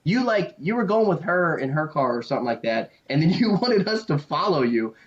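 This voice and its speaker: A young man co-hosts a podcast, spinning a story in loose chat and breaking into laughter as he goes. His voice sits a little high and he curses freely. The recording is dull and lo-fi. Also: sing-song, fairly quick. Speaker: podcast co-host.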